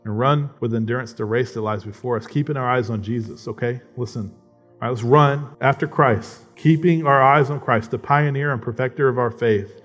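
A man's voice: mid-range voice, normal speed, fairly bright tone, soft background music. A man preaching a conversational sermon, often checking in with "right?" and building to emphatic passages. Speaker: pastor.

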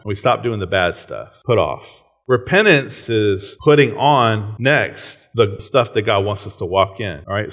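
A man's voice: fairly low pitch, fairly bright tone. A man in his thirties preaching a sermon in a casual, conversational way, often checking in with "right?" and chuckling. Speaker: pastor.

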